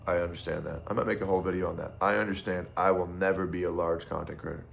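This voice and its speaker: Deep gravelly-voiced man ranting bluntly. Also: steady tone, quick pace. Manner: blunt, profane, opinionated. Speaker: streamer. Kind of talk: casual ranting monologue.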